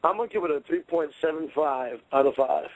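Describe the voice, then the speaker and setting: A man's voice: on the high side, fairly quick, dry recording, poor audio. A man giving an upbeat rating of a wrestling show as a guest on a talk radio program. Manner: enthusiastic, fillers like "you know". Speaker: guest panelist. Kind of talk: casual wrestling review on radio.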